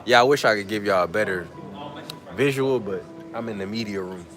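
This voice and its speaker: A man's voice: fairly low pitch, a little fast, music in the background. A man hosting a casual livestream from a media room, chatting in slang and reading out viewer comments. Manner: laid-back slang, reads out viewer comments. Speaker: livestream host. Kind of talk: casual live chat with viewers. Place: press conference media room.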